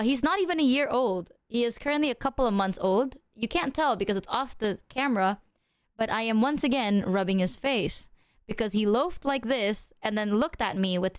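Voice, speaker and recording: A young woman livestreaming casual chat, animated and giggly, talking to her cat at her desk mic. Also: medium pitch, smooth, dry recording, clean studio sound. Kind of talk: casual live-stream chat.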